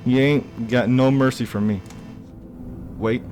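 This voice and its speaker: A man's voice: mid-range voice, fairly even intonation, takes it slowly, darkish tone, slight background noise. Jumpy young man playing a horror game. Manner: jumpy, reacting aloud, lots of fillers. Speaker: gaming YouTuber. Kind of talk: casual let's-play commentary.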